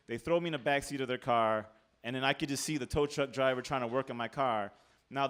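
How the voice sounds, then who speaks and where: A man telling a comic true story on stage, animated, profane and laughing at himself. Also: medium pitch. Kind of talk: live comedic storytelling.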